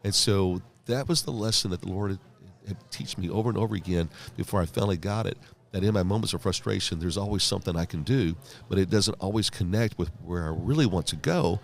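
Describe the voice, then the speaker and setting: A man's voice: deep voice, fast talker, vocal fry. A man, telling his story as a pastor guest on a podcast and acting out the voices of people he quotes. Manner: animated storyteller, acts out quoted dialogue. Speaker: guest pastor and leadership author.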